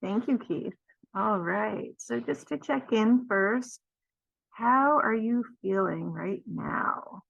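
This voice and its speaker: A woman leading a children's storytime, gently encouraging kids and singing along. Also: mid-range voice, expressive, slow pace, vocal fry, no room sound, dull audio.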